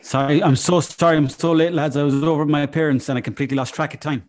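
Rapid, deadpan Irish joker. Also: male voice, a little high. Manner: deadpan joking, rambling, apologetic. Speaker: podcast guest. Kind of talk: casual comic chat. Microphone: online call.

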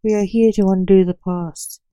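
A woman reading as a calm measured timekeeper. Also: medium pitch, no echo, close to an everyday voice, rough recording. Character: calm wise young male timekeeper.

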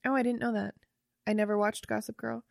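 A woman's voice: fairly high pitch, little pitch movement, brisk, vocal fry, no echo. Young woman co-host, loose chatty delivery with casual swearing, dead-dry recording. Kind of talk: casual chat.

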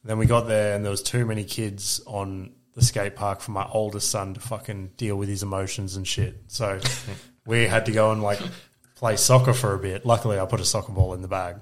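A young Australian man with a fairly low voice chats casually on a podcast. He swears freely and laughs through animated stories about his family life. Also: a little fast, a little hiss or hum. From Queensland, Australia. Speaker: podcast co-host. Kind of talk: casual chat.

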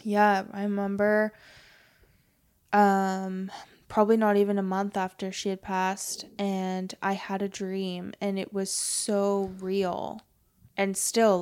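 A young woman speaks softly and hesitantly in a casual podcast conversation, often pausing and restarting her thoughts. Her pitch sits mid-range and barely moves, giving her voice an even, level sound. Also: smooth. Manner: soft-spoken, hesitant, many fillers. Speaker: podcast guest.

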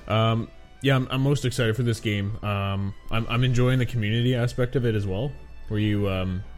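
Low-voiced man in rambling gaming chat. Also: steady tone, normal speed, darkish tone, soft background music. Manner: rambling, swears casually, laughs often. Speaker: podcast co-host.

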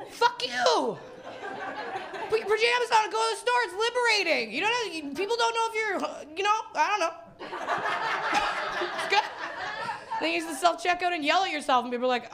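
A woman's voice: very high voice, expressive, quick pace, a crowd in the background. A woman from Winnipeg doing a stand-up set, rambling and self-deprecating, laughing as she talks. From Winnipeg, Canada. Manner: rambling, self-deprecating, with frequent laughs and put-on quoted voices. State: hungover. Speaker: stand-up comedian. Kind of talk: stand-up set before a live audience.

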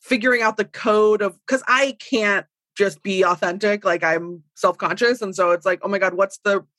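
A woman's voice: mid-range voice, moderate pace, no echo, rough recording. A woman guest in casual conversation, talking animatedly and poking fun at herself. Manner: animated, self-deprecating, restarts often. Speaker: guest writer. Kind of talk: casual chat.

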